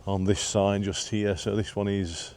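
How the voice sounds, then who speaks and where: A fairly low-pitched man with a darkish tone speaks a little slowly and flatly while vlogging on a breezy hillside path. Still out of breath after climbing, he narrates in a chatty, rambling way, leaning on "uh" fillers and putting himself down.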